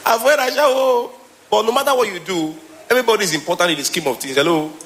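On stage in front of a live crowd, a man with a Nigerian accent and a high voice talks fast through his stand-up special. Animated and frequently laughing, he moves back and forth between English and Pidgin.

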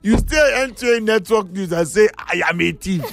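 A man's voice: high voice, normal speed, creaky, hardly any pauses, a bit bright. A Nigerian man co-hosting a radio show, joking and repeating lines for laughs. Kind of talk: casual radio banter. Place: radio studio.

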